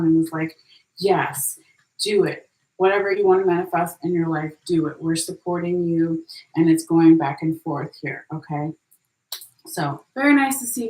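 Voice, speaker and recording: Woman, lowish voice, chatty tarot reader in a roomy echo. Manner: chatty, animated, tosses in "okay?" and "right?", laughs at her own slips. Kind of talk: casual tarot reading. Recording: echoey room.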